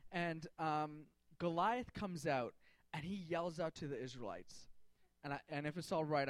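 A man's voice: a little high, no echo. A man in a casual, jokey storytelling sermon, talking to a group with slang and fillers.

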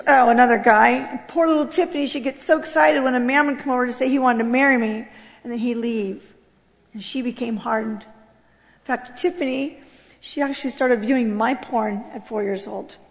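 A high-pitched woman from California tells her life story with raw feeling. She jumps from loud bursts to near-whispered lows, and her voice rings out with a long hall echo. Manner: animated, swings between loud outbursts and hushed low passages. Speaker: speaker giving a personal testimony. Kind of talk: emotional storytelling testimony.

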